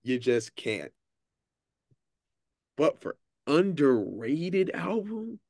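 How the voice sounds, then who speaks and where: A man's voice: on the high side, very animated, drawn-out words, a little mellow, no echo, clean studio sound. A man co-hosting a casual podcast, talking boldly and emphatically with plenty of swearing. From Texas, USA. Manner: bold, emphatic, profane. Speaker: podcast co-host. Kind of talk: casual chat.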